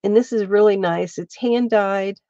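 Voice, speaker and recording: A woman with a mid-range, dark-toned voice hosts a casual craft livestream demonstrating stitching, thinking aloud at a moderate pace and greeting viewers by name. Her streaming setup mic gives a dry, lo-fi sound.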